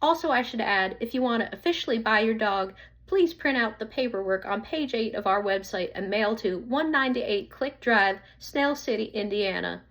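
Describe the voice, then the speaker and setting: A polite Southern shop receptionist, put on by a woman reading a storybook, taking an order in a light accent. The voice climbs well above the narrator's own and stays brisk and businesslike. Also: a little high, fairly bright tone, voice pushed up.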